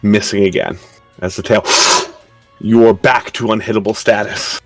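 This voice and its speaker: A man narrating a tabletop game as game master, describing combat in a calm, measured way. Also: fairly low pitch, no echo, soft background music.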